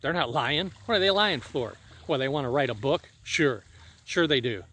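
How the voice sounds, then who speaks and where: A man's voice: mid-range voice, lively intonation, normal speed, pushed and bright, slightly rough. A middle-aged man in a rambling personal monologue, swearing freely as he talks to an absent friend about old times. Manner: profane, reminiscing, addresses an absent friend. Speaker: vlogger.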